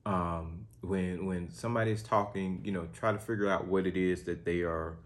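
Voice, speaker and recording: A man's voice: sits low, steady tone, moderate pace. A man in his thirties co-hosting a podcast, teasing his co-host and explaining things in a laid-back way. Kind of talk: casual chat.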